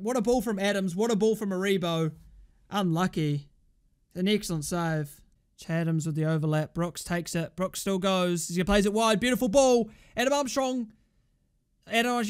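High-voiced man ranting over a football match. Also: moderate pace, clean tone. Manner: excitable, swearing, shouting at players. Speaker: football fan channel host. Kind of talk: live match reaction commentary.

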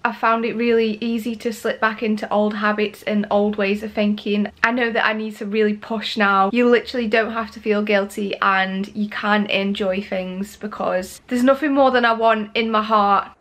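A woman's voice: medium pitch, a bit bright. A young woman in her twenties, vlogging casually and talking candidly and chattily straight to the camera. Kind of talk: casual vlog chat.

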